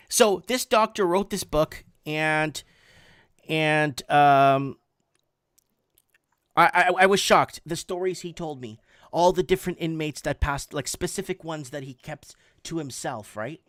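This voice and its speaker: A man in his forties telling a story in a casual, animated way, often repeating words for emphasis. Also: on the high side, unhurried, no room sound, studio quality. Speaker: podcast host.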